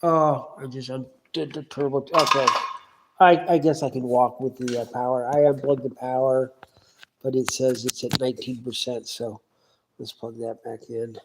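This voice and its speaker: A man's voice: medium pitch, level tone, normal speed, background noise. A man hosting a casual solo livestream from his garage on a phone camera, rambling and asking absent viewers lots of questions. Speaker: livestream host. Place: home garage.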